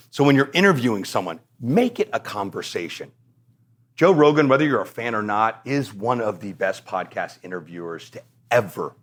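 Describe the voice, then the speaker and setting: A man hosting his own podcast, giving blunt, energetic, joking advice and acting out little exchanges as he goes. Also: medium pitch. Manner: blunt, energetic, jokey, acts out quoted exchanges. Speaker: podcast host and coach. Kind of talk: solo podcast teaching.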